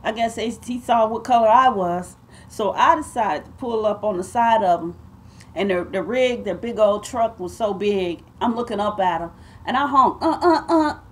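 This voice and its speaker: A woman tells a story straight to her viewers. Her voice sits at an ordinary middle pitch, and she talks in an animated, emphatic way, calling them y'all and babe. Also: normal speed. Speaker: vlogger.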